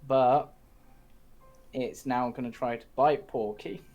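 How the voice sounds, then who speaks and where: Male game master, mid-pitched, steady explainer, laughs easily; online tabletop session. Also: slow pace, highs cut off, soft background music. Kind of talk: running a tabletop game over voice chat.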